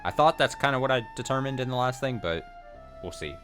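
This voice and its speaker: A man streaming a visual novel, chatting casually and thinking aloud in slow, drawn-out phrases. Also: mid-range voice, expressive, a bit bright. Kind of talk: let's play commentary. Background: faint game music.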